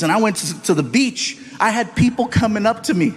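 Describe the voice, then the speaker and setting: A man telling stand-up stories on stage in an animated way, acting out the people in them. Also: high voice, fast talker, few pauses, slightly rough. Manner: animated, jumps into voices for the people in his stories. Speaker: stand-up comedian. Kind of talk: stand-up storytelling. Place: large theater stage before a laughing audience.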